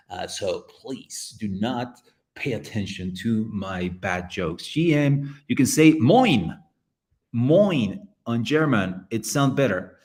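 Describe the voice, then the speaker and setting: A man hosting a relaxed live stream, chatting with his viewers as he paints. His pitch swings up and down a lot, and he rambles playfully, cracking jokes at the chat. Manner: playful, rambling, jokey, addresses chat directly. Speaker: livestream host painting community art.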